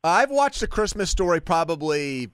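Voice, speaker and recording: Man, radio host, teasing banter, mock-exasperated, lively swooping voice, dry close sound. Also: fairly high pitch, moderate pace, clear, resonant tone, dry recording. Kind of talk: casual sports radio banter.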